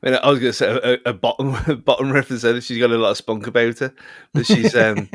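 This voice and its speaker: Male co-host, middle pitch, dry close mic, rambling film chat full of restarts. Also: fairly even intonation, quick pace, no echo. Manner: rambling, many restarts and fillers. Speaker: podcast co-host. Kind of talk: casual film review chat.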